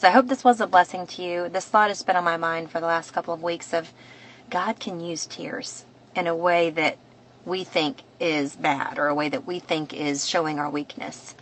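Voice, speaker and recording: A woman's voice: on the low side, fairly even intonation, normal speed, slight background noise, rough recording. A woman hosting a devotional podcast, talking in an earnest, reflective way and often restarting her sentences. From United States. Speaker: podcast host.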